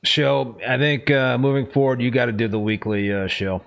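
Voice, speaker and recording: A man's voice: medium pitch, normal speed, creaky. A man hosting a live talk show, chatting casually and reading out viewer messages. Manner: relaxed, reads viewer messages aloud. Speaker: host.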